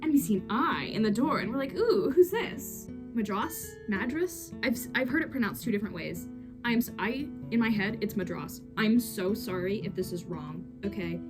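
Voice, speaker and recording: A woman gushing through a casual comic recap, full of slang and quick asides. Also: medium pitch, lively intonation. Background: game soundtrack music.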